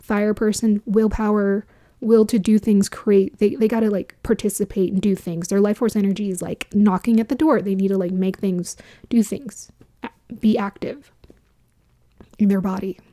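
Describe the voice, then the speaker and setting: A woman astrologer talks through the coming year in a loose, musing way. Her voice is warm and mellow, and she laughs often. Now and then she drops into a whisper to stress a point. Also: mid-range voice, steady tone, normal speed. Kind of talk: casual spiritual talk to camera.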